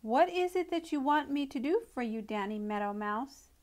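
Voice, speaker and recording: A woman voicing a wise, very old male frog who talks slowly and grumbles. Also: high-pitched, animated, a little mellow, pitched above the performer's own voice. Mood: curious.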